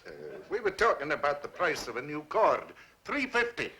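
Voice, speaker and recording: A man's voice: a little high, very animated, normal speed, sharp tone, slight background noise. An actor with a Scottish accent playing a thrifty, stubborn fix-it shop man in a 1960s sitcom, dry and bargaining. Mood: haggling. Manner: dry, bargaining, calls the boy laddie.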